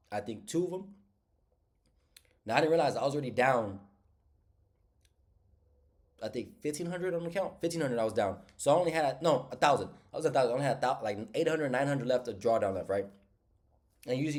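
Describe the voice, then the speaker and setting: A man's voice: mid-range voice, darkish tone. A congested man, casually recapping his day trades for viewers in a slangy, talkative way.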